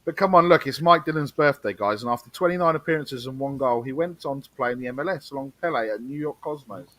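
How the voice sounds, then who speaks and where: A man's voice: mid-range voice, quick pace, fairly bright tone, no room sound. A man co-hosting a casual podcast, reading football history in a chatty, stumbling way. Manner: chatty, stumbling and repeating himself. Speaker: podcast co-host.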